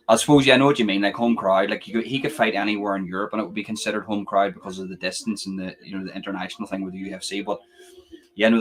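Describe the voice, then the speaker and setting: This is a young man, chatting through a live fight reaction stream in a rambling, filler-heavy way and swearing casually. His voice sits a little on the low side.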